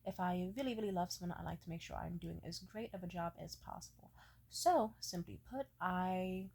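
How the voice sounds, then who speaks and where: A young woman vlogger telling a casual, profane story with animated energy. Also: on the low side, moderate pace, breathy edge.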